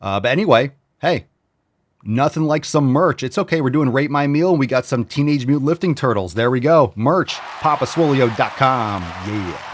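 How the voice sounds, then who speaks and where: A man in his forties from New York hosting a fitness show, reading viewer meals aloud in a loud, brash, profane, riffing way. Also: mid-range voice, expressive, moderate pace. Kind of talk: casual chat reading viewer posts.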